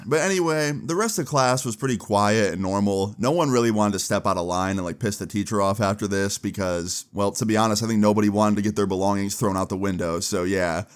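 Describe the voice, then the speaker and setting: A young man telling a story in a casual, animated way, full of swearing and slang. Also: lowish voice, fairly quick, hardly any pauses, clean tone. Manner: animated, profane and chatty.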